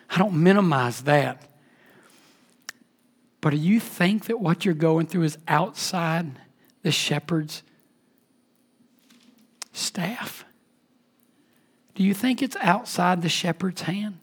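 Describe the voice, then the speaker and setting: A man pastor preaching a sermon emphatically, his voice dropping to a hush and then rising again. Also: on the high side, expressive, slow, pauses often, slightly rough. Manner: emphatic preaching, swings between loud and hushed.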